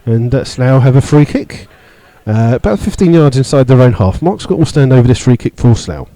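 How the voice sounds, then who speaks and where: A man giving live radio football commentary from the stand, steady play-by-play with many fillers, rising sharply when he disputes a call. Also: medium pitch, normal speed, dry recording, low-quality recording. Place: stadium stand among fans.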